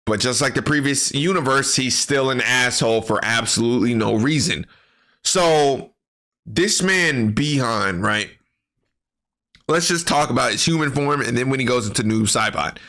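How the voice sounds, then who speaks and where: A man's voice: medium pitch, pushed and bright. A man giving casual, rambling gaming commentary full of profanity and slang.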